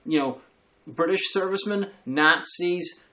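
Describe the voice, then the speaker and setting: A man chats about a movie with a friend, wandering through trivia and piling up "um" and "like" along the way. His voice is a touch higher than most men's. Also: unhurried, sharp tone. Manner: chatty, rambling, film-trivia heavy. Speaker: co-host. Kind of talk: casual film review chat.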